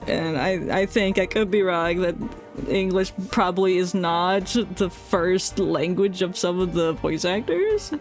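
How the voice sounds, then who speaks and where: A talkative streamer with a Northeastern American accent, mid-pitched and easygoing, chatting casually through a let's-play. They laugh often and read the game's lines aloud between remarks, with faint game music underneath. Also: animated, a little slow. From United States, South and Northeast.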